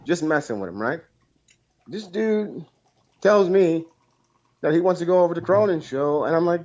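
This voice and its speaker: A man calls in to a live show and tells a long story, rambling and swearing and repeating himself. His voice is high for a man. The call line sounds muffled and dull. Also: lively intonation, normal speed, pauses often, a little mellow. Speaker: caller.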